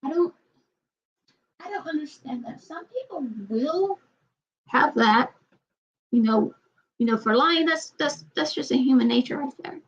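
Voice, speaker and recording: Halting woman vlogger, higher voice. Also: expressive, highs cut off. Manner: halting, repeats and restarts, trails off. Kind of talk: casual personal talk to camera.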